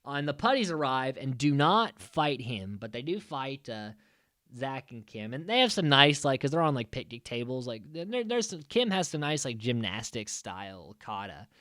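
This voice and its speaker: A man's voice: mid-range voice, sing-song, normal speed, a bit bright, dry recording, clean studio sound. A man hosting a podcast, recapping an old episode in a rambling, sarcastic way full of "like" and "uh". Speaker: podcast host.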